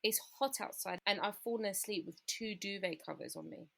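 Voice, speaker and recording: A woman's voice: mid-range voice, moderate pace, vocal fry, a bit bright. A British woman in her thirties, a podcast guest candidly recounting a personal story and often quoting what people said. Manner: candid, retells scenes by quoting people, frequent "like".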